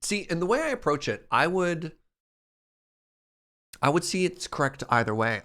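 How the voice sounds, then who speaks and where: A man's voice: mid-range voice, moderate pace, a bit bright. A man streaming and chatting casually, reading his chat aloud in a playful way and laughing often.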